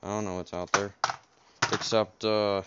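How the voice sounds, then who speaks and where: A young man hosts his first podcast casually at home beside his game console, rambling and sounding unsure with lots of fillers. His fairly low voice barely moves in pitch and keeps a measured pace. The home recording is dull and lo-fi, with faint keyboard noise.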